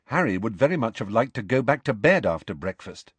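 A man reading a novel aloud as narrator, steady and expressive. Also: on the low side, brisk, husky, no echo. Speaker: audiobook narrator. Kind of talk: scripted narration.

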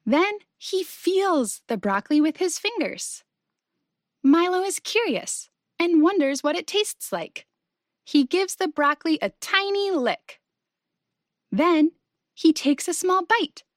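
A woman reading a children's story aloud in a gentle, sing-song way, speaking to young listeners. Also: very high voice, sing-song, slow pace, no echo, studio quality.

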